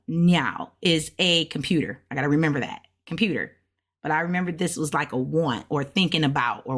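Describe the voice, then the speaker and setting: A woman reviewing beginner flashcards out loud, thinking aloud in a relaxed, colloquial way and slowly repeating words to practise them. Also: on the low side. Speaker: language learner reviewing flashcards. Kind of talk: casual self-study walkthrough.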